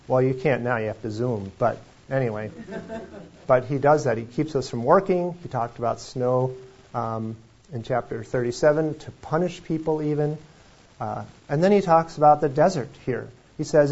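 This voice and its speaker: On a somewhat dull lo-fi recording, a Wisconsin preacher speaks at normal speed in a mid-range, slightly mellow voice. Leading an informal Bible study, he keeps things conversational with rambling digressions and jokes at his own expense.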